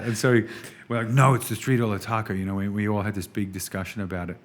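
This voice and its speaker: Australian male podcast guest, casual and lively, full of anecdotes. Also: lowish voice, fast talker, slight background noise. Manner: animated storyteller, says "man" often. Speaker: restaurant executive guest.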